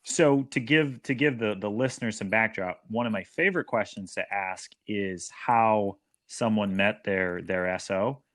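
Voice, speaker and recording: Hesitant, low-voiced male podcast guest. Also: a little slow, few pauses, fairly bright tone. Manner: hesitant storyteller with many fillers. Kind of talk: casual chat.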